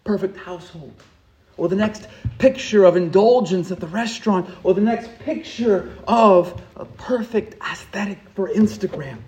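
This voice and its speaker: A man preaching a sermon as pastor, with a lot of rhetorical repetition and swings from hushed tones to loud passion. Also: high voice, unhurried, roomy sound, muffled recording.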